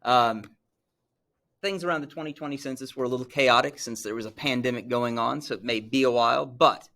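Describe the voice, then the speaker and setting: A man's voice: mid-range voice, brisk, vocal fry, sharp tone. A middle-aged man from Missouri lecturing as a teacher, talking conversationally and checking in with "right?" as he goes. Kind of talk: classroom lecture.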